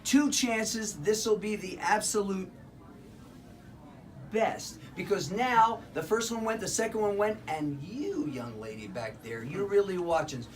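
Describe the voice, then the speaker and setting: A man's voice: sits high, a little hiss or hum. A man from Philadelphia doing chatty comedy magic patter on stage, joking and laughing through his lines. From Philadelphia, Pennsylvania. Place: live theater show with audience. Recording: distant live stage recording, loud ambience.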